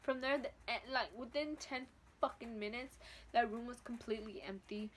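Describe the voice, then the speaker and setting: A woman's voice: a little high, moderate pace, slight background noise. A teenage woman vlogger telling a casual story from home, blunt and profane with lots of slang. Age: teens.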